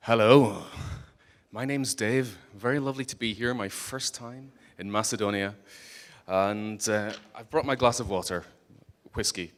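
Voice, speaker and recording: A man's voice: on the low side, measured pace. A man with a Scottish accent giving a humorous conference talk, joking and teasing the audience bluntly. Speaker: conference speaker. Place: conference hall stage.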